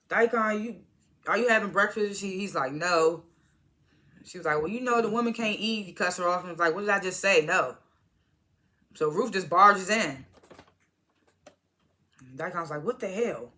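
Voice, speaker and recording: A woman's voice: on the low side, moderate pace, pauses often, bright, forceful tone. A woman casually recapping a TV episode, retelling scenes by quoting each character in turn and laughing at them. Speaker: TV show reviewer.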